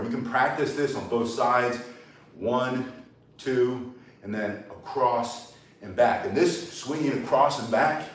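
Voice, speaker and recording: An older man teaching cane self-defense outdoors, blunt and rambling, with joking asides. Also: mid-range voice. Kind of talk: live outdoor workout lesson. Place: outdoors in the sun. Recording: roomy echo, mic set at a distance.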